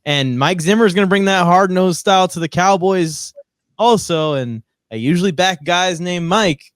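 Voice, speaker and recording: A man's voice: sits high, normal speed, clean tone, no echo, clean studio sound. A man co-hosting a podcast, giving laid-back sports analysis in casual chat with a chuckle. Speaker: podcast co-host.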